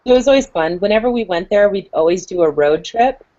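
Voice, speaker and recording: A woman's voice: medium pitch, expressive, fairly quick, warm tone. A young adult woman chatting candidly, telling personal stories with lots of "like". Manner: candid, storytelling, uses "like" a lot. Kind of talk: casual chat. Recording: dull lo-fi stream audio.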